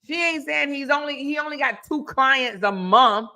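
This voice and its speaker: A woman talking in casual, sassy commentary, hammering points home by repeating them. Her voice is bright and fairly high. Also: normal speed. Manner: emphatic, sassy, repeats for emphasis.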